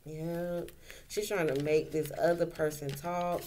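A woman's voice: low voice, little pitch movement, unhurried, darkish tone, a little hiss or hum. A woman doing a casual tarot reading, talking in a colloquial way and repeating her points for emphasis. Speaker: tarot reader.

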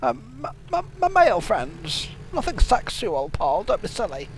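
Brief: a man doing a crabby old dad, very high and gravelly, deadpan, for improvised game commentary. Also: a little slow, a little hiss or hum, full character voice. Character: cranky crude elderly father, gravelly and high. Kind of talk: improvised comedy gaming commentary.

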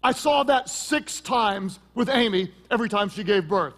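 Joking pastor with a high voice. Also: male voice, moderate pace. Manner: joking, lively preaching with sudden loud peaks. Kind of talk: sermon.

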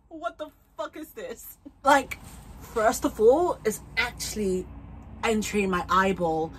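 A woman's voice: a little high, slow pace, background noise. Bubbly young woman rambling through a review. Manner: bubbly, rambling, laughs often, swears casually. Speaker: vlogger reviewing wigs. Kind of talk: casual chatty review.

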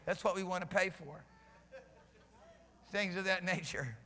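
Male pastor, fiery sermon delivery, bright high voice, long church reverb. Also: unhurried. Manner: impassioned preaching, builds to shouting. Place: church sanctuary.

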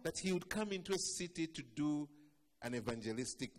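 A male pastor preaching a sermon, telling stories dramatically, with loud declarations that fall to hushed low lines. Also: lively intonation, a little fast. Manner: acts out the voices in the stories he tells.

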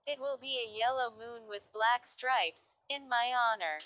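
A woman's voice: fairly high pitch, unhurried, fairly bright tone. A woman reading as a boastful tiger. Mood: proud. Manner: proud, commanding. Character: boastful ambitious male tiger.

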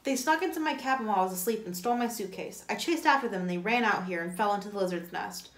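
A woman's voice: medium pitch, animated, fast, close to an everyday voice. A woman voicing a stern, scheming female camp warden who defends herself insistently. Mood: defensive. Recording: echoey room.

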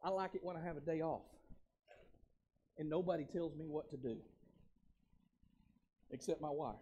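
A man pastor preaching a sermon, moving between loud exhortation and quiet casual asides, repeating words and calling the congregation to respond. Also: on the high side, normal speed, a little hiss or hum. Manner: uses casual everyday speech.

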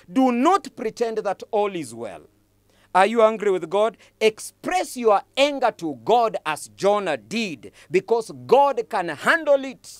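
Male pastor, sermon, emphatic rhetorical questions, lively pitch, dry close sound. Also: no room sound. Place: church.

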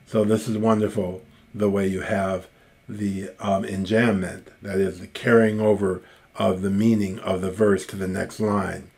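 A man with a fairly low voice delivers a recorded grammar lecture. He talks at an unhurried, measured pace, pausing often and filling the gaps with small hesitations as he works through each point. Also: level tone, a little mellow. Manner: slow, deliberate explaining with many pauses and fillers. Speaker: classics lecturer.

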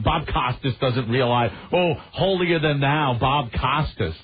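A man hosting a radio show, ranting in casual chat with a mocking, animated manner. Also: medium pitch, a little slow, breathy edge. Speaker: radio host. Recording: muffled radio broadcast with faint hiss.

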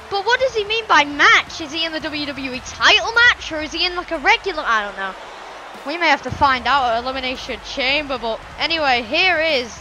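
Very high-voiced excitable woman commentator. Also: a little hiss or hum, rough recording. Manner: shouts and gasps at big moments, rambling asides. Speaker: gamer commentating a wrestling game.

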